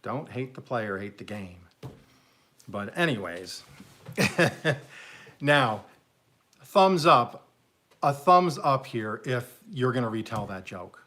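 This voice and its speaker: A man's voice: lowish voice, expressive, measured pace, a bit bright. A man hosting a live stream, casually telling jokes as a rambling, chuckling storyteller. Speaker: livestream host.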